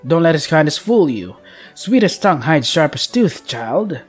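A man voicing a cold, controlling mother in a game, speaking slowly in a low, stern, lecturing way. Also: sing-song, slightly rough, soft background music. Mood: coldly lecturing. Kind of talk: voicing a visual novel character.

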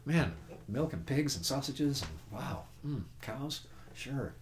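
A man's voice: mid-range voice, animated, slow pace, slight background noise. A man teaching guitar on a casual webcast, folksy and chatty, counting beats and humming notes as he plays. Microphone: home webcast mic. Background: own guitar playing.

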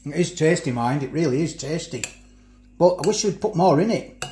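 A man's voice: on the high side, lively intonation, normal speed, mellow. Chatty man reviewing food, echoey room. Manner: chatty, eats while talking, repeats himself.

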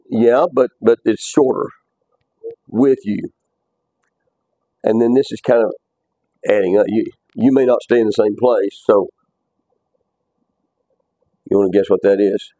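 Male bible teacher in a classroom, mellow tone, dry sound, casual and repetitive. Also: fairly low pitch, no echo, poor audio. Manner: conversational, repeats words, quizzes students.

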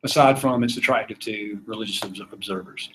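A man's voice: lowish voice, fairly quick, a bit bright, slight background noise, rough recording. A man with a Southern US accent from Georgia, giving an informal philosophy lecture, chatty and quizzing the class. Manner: chatty, asks the class questions, laughs often. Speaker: philosophy teacher.

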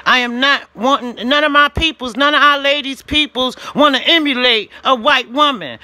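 A woman ranting to camera on her own channel, indignant and emphatic, repeating herself and rising at times to shouts. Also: high-pitched, expressive, moderate pace, hardly any pauses, no room sound. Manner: direct address to the platform, repeating phrases. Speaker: channel owner vlogging. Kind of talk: ranting vlog monologue.

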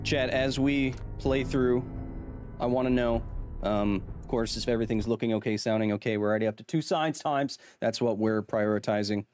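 A playful man hosting a live game stream, cracking jokes and chatting with his viewers. His voice sits at a middle pitch, and faint music plays underneath. He sounds casual and loose, like he's in his thirties. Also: moderate pace, a little mellow. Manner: playful, jokey, reads chat aloud. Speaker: streamer, science communicator.

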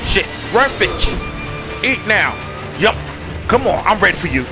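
A man giving excitable, profanity-laced let's play commentary, talking back to the enemies he fights. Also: high voice, a little slow. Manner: excitable, swears a lot, talks to enemies. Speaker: gamer. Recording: background music.

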